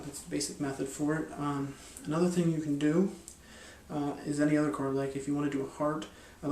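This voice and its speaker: Explaining a mind-reading card method, a magic and hypnosis instructor rambles casually, restarting often and leaning on fillers. His voice is on the high side and darkish, recorded from a distance in an echoey room with a little hiss or hum.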